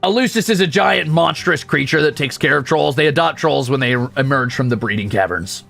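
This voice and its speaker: A man's voice: mid-range voice, lively intonation, fairly quick, vocal fry, a bit bright, soft background music. A male streamer reading a game's story aloud, with sarcastic, profane asides. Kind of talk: game read-through with commentary.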